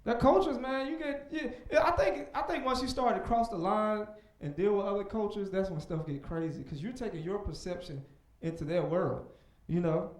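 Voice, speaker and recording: A young man doing a stand-up comedy set on a club stage, animated, breaking into loud shouted voices for punchlines. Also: high voice, normal speed, echoey room.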